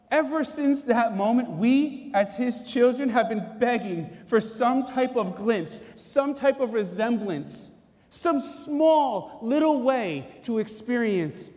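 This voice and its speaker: A man giving an animated, preacher-like motivational speech at a conference, with dramatic pauses. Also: very high-pitched, big-room sound. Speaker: company executive giving a keynote talk. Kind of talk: motivational faith-based speech. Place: conference hall.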